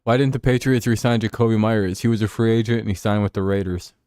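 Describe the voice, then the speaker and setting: A man's voice: lowish voice, steady tone, quick pace, darkish tone, dry recording, studio quality. A man hosting a casual football talk show, ranting and sarcastic with plenty of swearing. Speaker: host.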